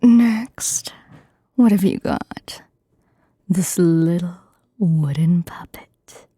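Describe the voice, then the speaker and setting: Woman doing a gruff bossy guard. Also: lowish voice, very slow, mellow, no room sound, studio quality, pitched below the performer's own voice, exaggerated voice. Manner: curt, ordering. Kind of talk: whispered role-play.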